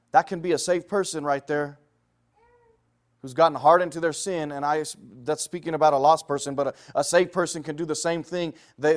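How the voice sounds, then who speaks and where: A middle-aged preacher with a notably high voice delivers a storytelling sermon. He climbs to loud, excited peaks and then sinks to near-whispered lows as he works through scripture. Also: a little fast, smooth. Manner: lively storytelling preaching, swinging from loud highs to hushed lows.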